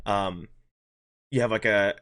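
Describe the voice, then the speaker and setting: Hosting a podcast, a man races through a meandering story about work, performing both sides of the exchange in casual conversation. He sounds low-pitched, steady, and a bit bright.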